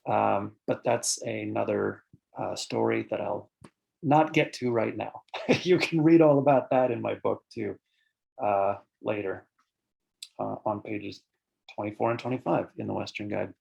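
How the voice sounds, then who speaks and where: A birding author and presenter lectures on bird sounds at an online conference, explaining terms with many fillers and taking audience questions between points. His voice is fairly low, creaky and darkish, with a measured pace, and the recording is muffled.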